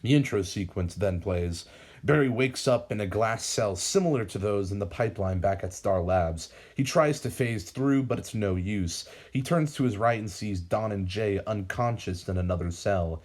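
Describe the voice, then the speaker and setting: A young man narrating a fan-made episode script in a steady, even delivery. His voice sits on the low side, and he reads without hurry. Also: normal speed. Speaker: fan writer and reader. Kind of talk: reading a fan-written episode script aloud.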